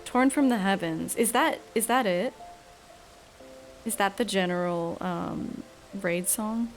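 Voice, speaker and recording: A woman's voice: mid-range voice, takes it slowly, faint music behind. Woman chatting casually while streaming a game. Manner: rambling and self-mocking, reading game dialogue aloud. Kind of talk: casual gameplay commentary.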